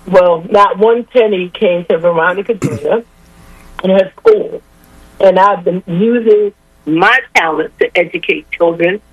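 An older woman appears as a guest on a radio interview, an education advocate who speaks emphatically, rallying listeners and repeating her points. Her voice is lowish and her pace measured. There's no room sound, and the highs are cut off.

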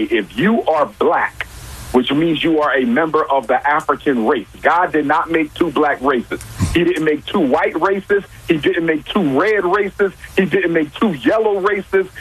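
A man's voice: on the high side, a bit bright, a little hiss or hum, low-quality recording. A man arguing his points with emphasis on a talk show, repeating key lines and asking rhetorical questions. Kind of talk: impassioned talk-show argument.

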